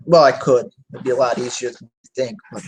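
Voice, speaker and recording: A young adult man hosts a live online talk show, rambling casually and loosely with lots of fillers, self-corrections and casual swearing. His mid-range voice has fairly even intonation and a slightly fast pace, with slight background noise and poor audio.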